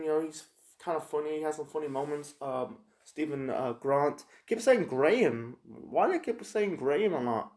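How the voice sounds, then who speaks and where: A man casually reviewing a TV episode, rambling and halting with lots of fillers and restarts. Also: on the high side, darkish tone. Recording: echoey room.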